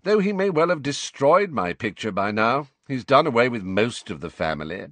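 A man's voice: medium pitch, very animated, fairly bright tone, no room sound, pitched above the performer's own voice. A man doing a reedy, bored old wizard. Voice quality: reedy, drawling. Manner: slow, languid, put-upon. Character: bored, haughty old male wizard portrait.

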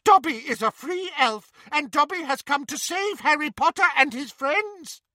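A man voicing a tiny excitable male house-elf with a squeaky, high voice. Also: moderate pace, dry recording, exaggerated voice. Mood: proud.

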